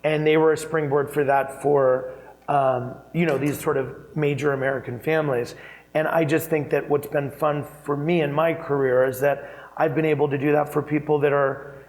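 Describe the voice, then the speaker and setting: A man speaking as a keynote guest in an on-stage interview, telling anecdotes in a chatty, animated way with frequent fillers and laughter. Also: on the high side, moderate pace, low-quality recording. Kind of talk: conversational storytelling on stage.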